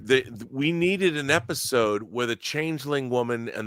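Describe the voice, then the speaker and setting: A man's voice: medium pitch, measured pace, few pauses, pushed and bright, no echo, studio quality. A man in casual podcast chat, emphatic and opinionated, swearing freely and restarting his sentences as he rants. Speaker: podcast co-host.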